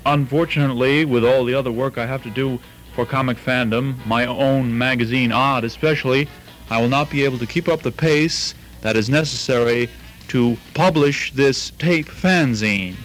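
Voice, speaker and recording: A man's voice: mid-range voice, normal speed, a bit bright. A man in the middle of his range, hosting a home-made tape fanzine with plain, earnest announcements. Faint music sits under his voice. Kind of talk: casual taped introduction.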